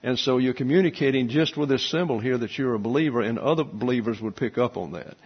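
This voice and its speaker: Husky-voiced man giving a patient lecture. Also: mid-range voice. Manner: measured and explanatory, with frequent fillers. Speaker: teacher. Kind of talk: classroom lecture explaining Greek letters. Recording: slightly dull, lo-fi recording.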